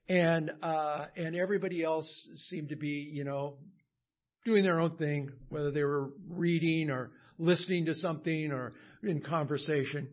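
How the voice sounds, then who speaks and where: A male pastor leading a prayer and telling a story in a sermon, halting with many fillers and restarts, growing animated as the story builds. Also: on the high side, lo-fi sound. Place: church.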